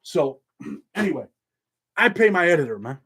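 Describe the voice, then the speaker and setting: A middle-aged man talks straight to his viewers in a blunt, streetwise manner, with a voice that sits a little high for a man. He swears freely and keeps it loose and conversational. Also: sing-song, moderate pace, a bit bright, breathy edge. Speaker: YouTube channel host. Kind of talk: casual monologue to viewers.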